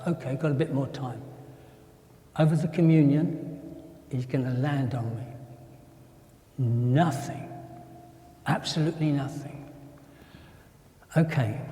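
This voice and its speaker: An older man preaching a sermon, telling a personal story in a lively way and acting out the lines of the people in it. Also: a little high. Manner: animated storytelling, acting out dialogue in quoted voices. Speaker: pastor. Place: church hall. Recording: echoey church hall with long reverb.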